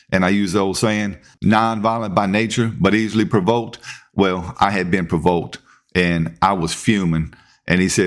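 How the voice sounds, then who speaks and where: A man, hosting a podcast and telling a work story in a casual, animated way, acting out what people said. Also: sits low. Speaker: podcast host, police officer.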